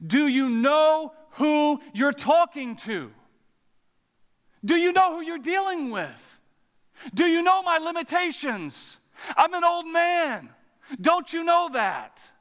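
A preacher voicing an indignant old man who protests about his age in a high, strained voice. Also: lively intonation, slow pace, fairly bright tone, full character voice. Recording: long echo of a large hall.

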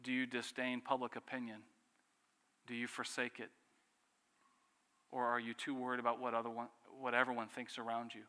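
Pastor guy preaching, bright forceful voice, asks lots of questions, goes soft on key bits, big reverb like a hall. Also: medium pitch, monotone, normal speed, pauses often. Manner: earnest preaching with rhetorical questions and dramatic drops in volume. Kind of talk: sermon.

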